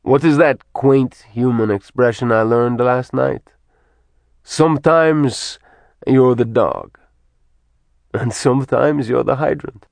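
A man's voice: medium pitch, slow, vocal fry, long pauses, a little mellow, no room sound. A man voicing a cruel, gloating male villain who taunts and mocks in an audiobook reading. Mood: mocking. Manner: mocking, taunting.

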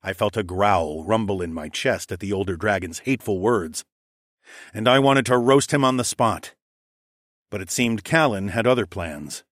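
A man narrating a first-person fantasy audiobook with expressive, plain storytelling. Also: fairly low pitch, moderate pace, no room sound, clean studio sound.

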